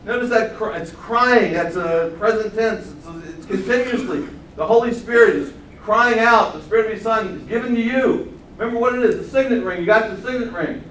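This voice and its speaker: Older man, preacher, lively sermon delivery, slightly high voice, recorded from a distance in an echoey room. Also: fairly quick. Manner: animated, swings from loud exclamations to quiet asides. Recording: roomy sound from far off the mic, faint hum.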